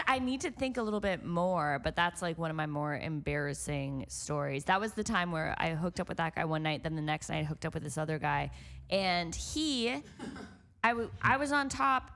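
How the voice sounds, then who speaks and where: A woman's voice: lowish voice, animated, moderate pace, a bit bright. A woman comedian guest on a podcast, telling an embarrassing story candidly and laughing through it.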